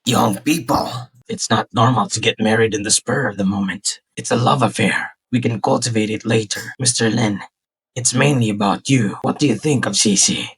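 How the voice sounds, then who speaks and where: A man's voice: fairly low pitch, moderate pace, husky. A man voicing a scheming, jolly old grandfather who gives orders, in a dubbed drama. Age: older. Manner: chuckling, bossy. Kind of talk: fan drama dubbing.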